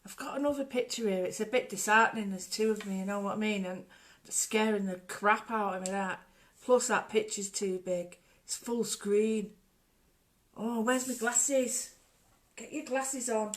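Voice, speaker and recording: A woman's voice: mid-range voice, moderate pace. A woman hosting a casual home livestream, rambling chattily and greeting viewers by name. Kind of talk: casual live chat.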